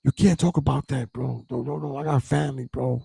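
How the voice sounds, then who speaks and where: A man voicing a frightened male coworker who pleads in a hushed, repetitive way. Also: medium pitch, steady tone, brisk, creaky, slightly rough, dry recording, full character voice. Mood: pleading. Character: scared male coworker, pleading to stay quiet.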